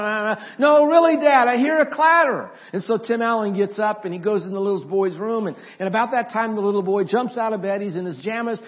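A pastor telling a story in his sermon, animated, with restarts and questions to the congregation. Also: sits high. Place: church. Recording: dull lo-fi church audio.

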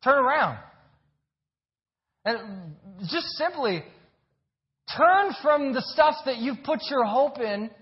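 A man with a high voice preaches a sermon in an earnest, emphatic way, doubling back on his words as he presses each point. The recording is dull and lo-fi. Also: expressive, takes it slowly. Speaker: pastor.

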